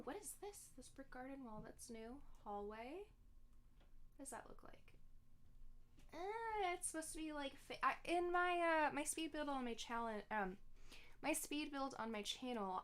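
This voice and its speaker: A young woman gaming streamer chats through her gameplay in a casual, relaxed way, giggling and frequently stopping to correct herself. Her voice is fairly high for a woman.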